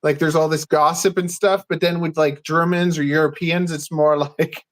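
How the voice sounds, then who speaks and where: A man talks loosely as a guest on a podcast. His voice sits high, and he rambles from point to point, laughing often and slipping into quick impressions of what people said. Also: level tone. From Canada. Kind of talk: casual chat.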